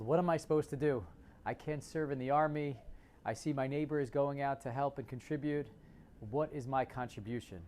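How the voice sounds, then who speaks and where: A man's voice: mid-range voice, darkish tone. A man from New Jersey, earnestly explaining a scripture passage as a lesson. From New Jersey, United States. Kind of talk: religious teaching.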